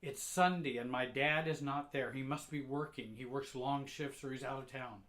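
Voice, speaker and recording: A man narrating a painful first-person memory quietly and reflectively, with halting repeats. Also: medium pitch.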